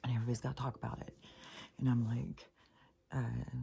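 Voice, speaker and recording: A woman's voice: very deep voice, flat delivery, brisk, creaky, dark tone. An older woman venting in a rambling personal monologue for her spiritual vlog, swearing freely as she talks. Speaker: spiritual vlogger.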